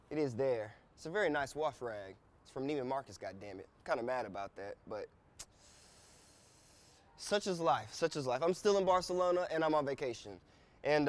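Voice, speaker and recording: An American man in his thirties hosting a casual travel vlog, telling stories in an animated, profane way. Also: medium pitch. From United States. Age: 30s. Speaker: vlog host.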